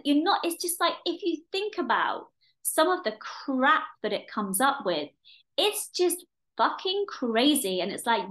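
A woman's voice: on the high side, fairly bright tone. A woman in her forties hosting a solo podcast, talking frankly and animatedly, swearing freely and often restarting her sentences. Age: 40s. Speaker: podcast host and coach. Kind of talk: casual solo podcast talk.

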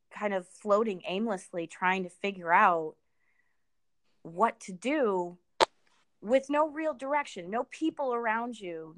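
A middle-aged woman talks in an easy, conversational way, stopping and restarting with lots of fillers. Her voice sits in an ordinary middle pitch. The sound is close and dry, with no room around it. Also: no room sound. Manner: halting, many fillers and restarts. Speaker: guest. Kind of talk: casual conversation.

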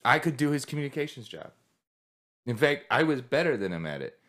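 A man's voice: mid-range voice, big pitch swings, brisk, a bit bright. A man who is a military veteran, talking candidly in a casual podcast conversation, rambling with many restarts and swearing.

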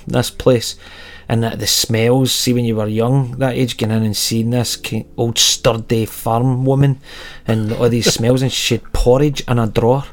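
Teasing Scottish man, casual chat. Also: mid-range voice. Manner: animated, teasing, swears. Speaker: podcast co-host.

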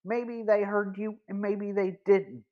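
A man voicing a quick-thinking teenage boy detective giving terse orders in an audiobook. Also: high voice, little pitch movement, phone-quality sound. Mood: hushed.

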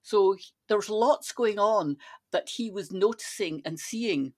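A woman's voice: mid-range voice, a little slow, darkish tone. An older Scottish woman chatting casually and telling little stories. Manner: chatty, anecdotal. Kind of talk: casual chat.

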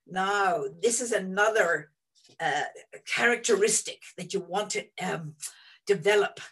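A woman in her sixties, a guest telling students about her career in an animated, rambling way from home over a video call. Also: mid-range voice, measured pace, husky, poor audio. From Northern Ireland. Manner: animated and rambling, many restarts. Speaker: interview guest, energy executive. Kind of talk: reflective storytelling to students.

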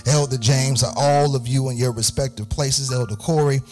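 A pastor preaching a sermon in a church. He speaks in a sing-song style, calls for "amen" from the congregation, makes joking asides to people he names, and builds to shouted, fervent peaks. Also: medium pitch, fairly even intonation, normal speed, over music.

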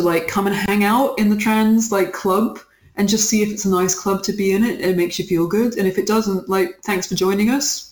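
Chatty guest in an interview, lots of likes, kinda echoey room. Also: mid-range voice. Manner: chatty and animated, with frequent "like" fillers and laughter. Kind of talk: casual conversational interview.

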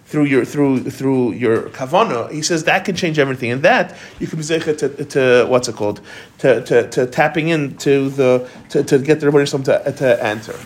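A man's voice: medium pitch, fairly quick. A man giving an informal Torah class, talking conversationally and quoting commentators.

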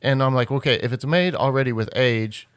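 A man's voice: medium pitch, a little fast, clear, resonant tone, no echo, clean studio sound. A man co-hosting a casual group chat, telling anecdotes and acting out the lines of the people in them. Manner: storytelling, acts out quoted speech. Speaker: podcast co-host.

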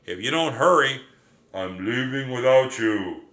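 A man voicing a fierce, hot-tempered young female mouse who yells in a shrill voice in an audiobook. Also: expressive, a little slow, roomy sound. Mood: furious. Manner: shrill, yelling. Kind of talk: audiobook character voice.

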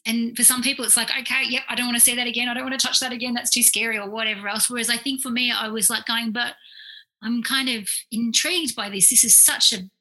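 A woman, a clinical psychologist, telling stories in a casual, animated way, full of fillers and quoted asides. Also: fairly high pitch, fast, poor audio. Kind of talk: casual storytelling in conversation.

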